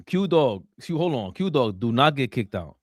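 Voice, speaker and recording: A man from New co-hosts a casual podcast. He jokes around and acts out friends' lines, and his pitch swings widely. The sound is dry, with no room echo. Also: normal speed. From New York (Queens). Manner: animated, joking, acts out quoted friends. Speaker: podcast co-host.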